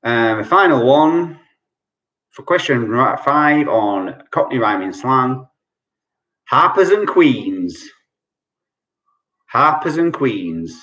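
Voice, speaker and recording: A man hosts an online quiz night on a video call from home during lockdown, speaking slowly in a medium-pitched, sing-song, slightly bright voice with long pauses. He repeats every clue several times and explains answers chattily, cracking jokes.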